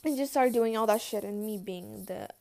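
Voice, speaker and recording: A teenage girl telling casual storytime anecdotes, chatty and quick to swear and laugh, with lots of "like". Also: mid-range voice, vocal fry, mellow. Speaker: vlogger.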